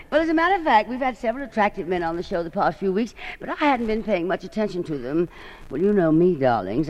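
A woman hosting an old-time radio comedy monologue, delivering it in a theatrical drawl and calling everyone darling. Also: fairly low pitch.

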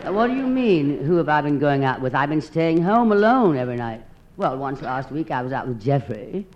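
A woman with a husky, theatrical drawl doing a sardonic, self-mocking comic monologue as one side of a phone call. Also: low voice, very animated, brisk. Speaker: comedienne. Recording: dull old recording with loud hiss.

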